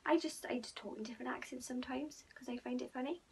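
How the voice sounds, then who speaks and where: A young woman chatting casually to camera as a vlogger, playful and a little croaky, sometimes dropping to a near whisper. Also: sits high, fast. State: slightly croaky.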